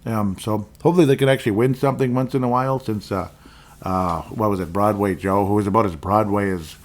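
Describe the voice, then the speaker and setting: Talking fast in a lowish, steady voice, the Minnesotan podcast host covers sports casually and loosely. He veers into side topics and gives his blunt opinions.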